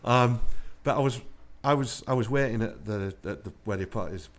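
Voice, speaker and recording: A man who served in the army tells laid-back anecdotes in an interview, chuckling as he goes. His voice is medium-pitched and his pace moderate.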